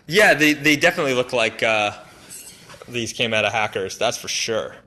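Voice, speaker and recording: Bright-voiced man rambling about products. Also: mid-range voice, expressive, moderate pace. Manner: enthusiastic, rambling, many fillers and restarts. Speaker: brand representative showing new products. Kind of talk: casual live-stream product walkthrough. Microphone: phone or camera mic on a live stream.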